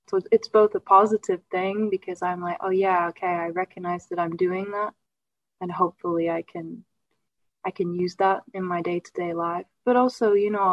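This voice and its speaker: A woman's voice: on the low side, dry recording. Hesitant woman sharing on a muffled video call. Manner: hesitant, reflective, many fillers. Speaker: meditation participant. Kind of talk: sharing in an online group.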